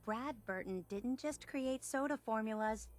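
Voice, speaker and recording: A woman's voice: measured pace, close to an everyday voice. A woman voicing an eager soda-obsessed collector. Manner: enthusiastic, bubbly sales pitch. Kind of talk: video game dialogue.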